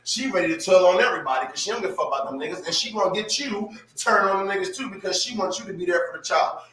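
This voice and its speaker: Fast-talking man, distant and echoey. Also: high voice, sharp tone. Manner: fast, slangy, loose talk. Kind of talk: casual podcast discussion. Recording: echoey, distant from the mic, faint background noise.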